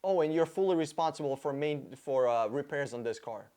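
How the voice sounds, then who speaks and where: A man's voice: fairly high pitch, animated, a little fast, warm tone, clear, resonant tone. A man hosting a car-buying video, reacting to an interview clip with blunt, profane sarcasm and mock emotion.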